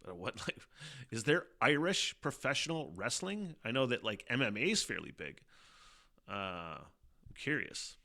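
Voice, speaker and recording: A man's voice: medium pitch, very animated, a little slow, gravelly, bright, forceful tone. A man hosting his own podcast, talking in a casual, rambling monologue full of profanity, fillers and laughter. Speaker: podcast host.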